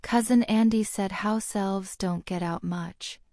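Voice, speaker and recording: A woman's voice: mid-range voice, steady tone, slow pace, a little mellow, no room sound, studio quality. A woman voicing an earnest, studious young witch in an audiobook, explaining things carefully. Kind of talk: audiobook character reading.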